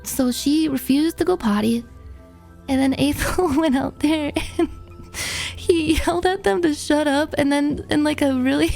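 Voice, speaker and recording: A woman's voice: high-pitched, a little slow, gravelly, darkish tone, soft background music. A woman streamer in casual chat, rambling and laughing, with lots of "like" fillers. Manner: rambling and laughing, heavy use of "like".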